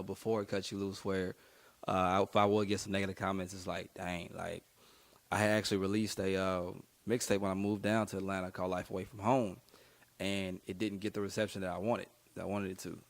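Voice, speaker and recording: Low-voiced laid-back young rapper. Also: male voice, flat delivery, a little fast. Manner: laid-back, slangy, rambling with many fillers. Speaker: rapper guest. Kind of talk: casual interview storytelling.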